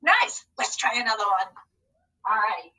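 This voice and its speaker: A woman's voice: sits high, expressive, normal speed, bright, forceful tone, distant mic, low-quality recording. A woman teacher leading a recorded phonics lesson, upbeat and coaxing as she talks to unseen students.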